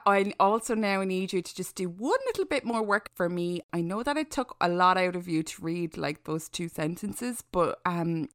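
Teasing woman, low voice. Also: dry recording, studio quality. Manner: teasing, swearing, animated storyteller. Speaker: podcast co-host, storyteller. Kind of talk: casual chat.

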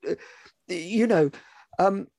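Male host, gravelly and husky, reflective explainer. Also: high voice, slow pace, darkish tone. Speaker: podcast host. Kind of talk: conversational interview.

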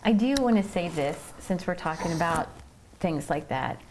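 A woman's voice: lowish voice, lively intonation, moderate pace, background noise. Earnest woman co-host from Ohio. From Ohio, United States. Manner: earnest, explanatory, frequent "mm-hmm" backchannel. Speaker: podcast co-host. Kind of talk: casual faith chat, teaching.

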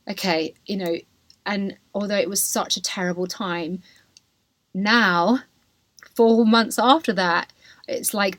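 A woman's voice: mid-range voice, no room sound. A young woman hosting a podcast, telling a personal story in a candid, emotional way with lots of fillers and restarts. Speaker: podcast host.

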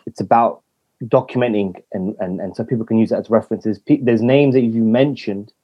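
A man's voice: on the low side, brisk, breathy edge. A man co-hosting a podcast who asks questions earnestly and repeats words as he starts his thoughts. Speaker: podcast co-host. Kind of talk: casual podcast interview. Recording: dull lo-fi sound.

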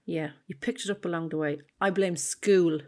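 A woman's voice: on the low side, fairly even intonation, moderate pace, dark tone. A woman co-hosting a candid chat, frank and sweary, giving reassuring advice. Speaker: podcast co-host.

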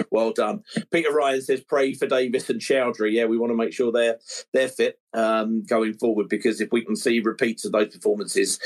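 A man hosts a live football fan show, chatting easily as he reads out listener messages. His voice is slightly husky, sitting at an ordinary middle pitch. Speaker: podcast host.

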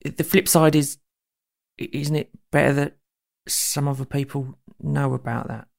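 A man talks slowly and hesitantly at a tabletop game, filling his pauses with ums. His voice has a gravelly edge and a pitch typical for a man. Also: steady tone. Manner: hesitant, many ums and uhs. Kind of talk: casual chat.

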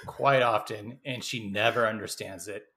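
A man co-hosting a podcast, chatting casually about a movie, quick with quips and laughs. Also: lowish voice, steady tone, pushed and bright, husky. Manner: jokey, laughs often, chimes in with quips. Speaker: podcast co-host.

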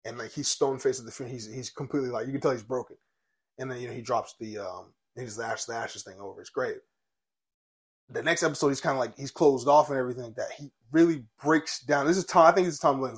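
Medium-pitched and fairly bright, this young man's voice has a breathy edge. He's a podcast co-host in casual, animated chat, cursing freely while recounting TV scenes with real emotion.

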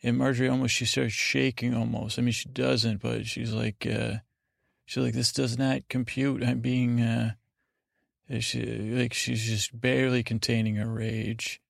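A man's voice: mid-range voice, level tone, a little slow, vocal fry, dry recording, studio quality. A man hosting a sleep podcast, recapping an episode in a meandering, digressive way, full of restarts. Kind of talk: rambling bedtime recap.

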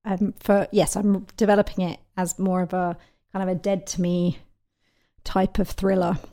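A woman comedy writer talking casually as a podcast guest. She chats freely, trailing off and restarting her sentences. Her voice sits at a middle pitch. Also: little pitch movement, normal speed, dark tone. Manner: chatty, trailing restarts and fillers.

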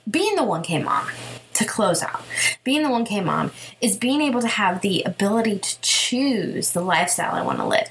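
A woman hosting a motivational podcast, talking in an energetic, emphatic, chatty way and breaking into short sung bits. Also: medium pitch, slight background noise, low-quality recording. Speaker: podcast host.

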